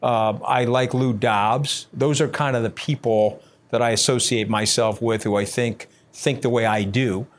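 A brash, scathing man fields interview questions bluntly and combatively as the guest. He speaks in quick bursts packed with fillers, at a medium pitch and in a steady tone.

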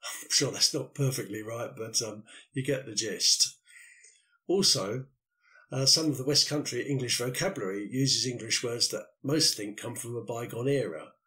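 A man's voice: medium pitch, moderate pace, bright, forceful tone, low-quality recording. An older man hosting a solo podcast, talking through a loosely scripted monologue in a reflective way with the odd filler. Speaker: podcast host.

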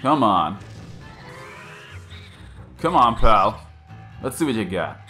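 A man's voice: on the low side, sing-song, slow pace, pushed and bright, soft background music. A man hosting a gaming channel, giving casual, chatty commentary while he plays and jokes about his own mistakes. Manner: chatty, self-deprecating, coaching himself aloud. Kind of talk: casual let's-play commentary.

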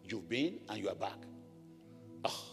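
Nigerian-born pastor preaching in an echoey hall. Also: male voice, lowish voice, unhurried. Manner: animated preaching, shouting blessings over a congregation. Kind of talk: sermon. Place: large church hall. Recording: echoey church hall with music.

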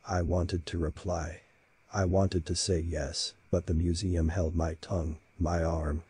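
A man reading a horror story in a slow, measured, dramatic style. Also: low voice, little pitch movement, darkish tone, slightly rough, no room sound. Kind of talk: scripted horror narration.

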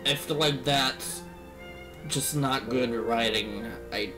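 Playing through a visual novel, this man gets teary, cursing and saying things over and over as he tries not to cry in an emotional let's-play reaction. He speaks slowly at medium pitch over music, and the recording is rough.

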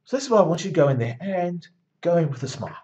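A man's voice: on the high side, big pitch swings, very fast, a little mellow. Rousing male lecturer, lo-fi recording. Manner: rousing, emphatic, repetitive pep talk. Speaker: university marketing lecturer.

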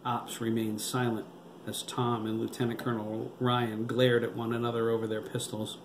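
A man narrating a novel aloud at a steady, even pace. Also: mid-range voice, moderate pace. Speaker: audiobook narrator. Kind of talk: novel reading. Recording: roomy with background noise.

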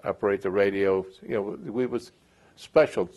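A man's voice: fairly low pitch, fairly even intonation, moderate pace, a little mellow. A man in his eighties telling a veteran's war memories in an oral history interview, rambling and chuckling with many restarts. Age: 80s.

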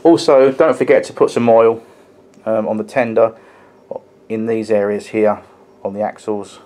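A man's voice: fairly low pitch, fairly even intonation, moderate pace, a little mellow. A man reviewing a model locomotive in a casual, chatty way, with frequent ums and restarts as he explains details hands-on.

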